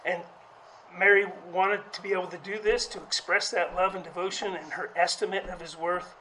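Preacher giving a halting, chatty sermon. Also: fairly even intonation, pushed and bright, a little hiss or hum, low-quality recording. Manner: conversational, halting delivery with frequent restarts; acts out quoted speech with raised pitch.

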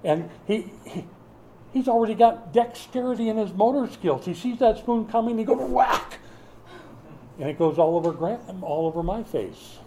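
A man's voice: sits high, expressive, normal speed, noisy background. A middle-aged male pastor preaching a sermon, mixing folksy family stories and humor with scripture teaching.

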